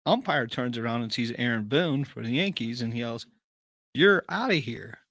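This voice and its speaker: A man's voice: medium pitch, brisk, a bit bright, dry recording. Easygoing man chatting on a podcast. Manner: easygoing, agreeable storyteller. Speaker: podcast co-host. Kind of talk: casual chat.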